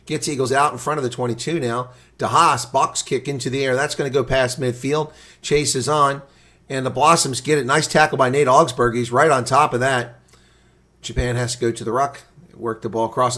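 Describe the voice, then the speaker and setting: A man giving live reaction play-by-play commentary of a rugby match for his stream, shifting from calm calling to loud outbursts and answering viewers in chat. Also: medium pitch, moderate pace. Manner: excitable, swings from calm calling to loud outrage; talks to chat viewers between plays.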